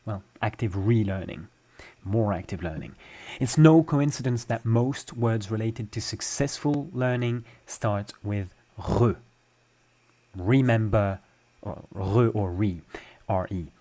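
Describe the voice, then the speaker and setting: A man's voice: lowish voice, takes it slowly, dark tone. A young adult man with a French accent, teaching a language lesson and patiently explaining step by step with examples. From France.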